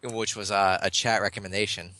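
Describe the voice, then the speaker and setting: A man's voice: on the low side, level tone, brisk, sharp tone, a little hiss or hum. A young man interviewing over an online voice call, rambling eagerly with lots of ums. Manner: rambling, filler-heavy, eager fan.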